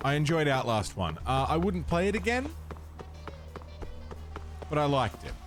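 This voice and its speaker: A man's voice: on the high side, sing-song, unhurried, soft background music. A man streaming a video game, chatting casually with viewers, laid-back and swearing freely. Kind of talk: casual let's-play chat.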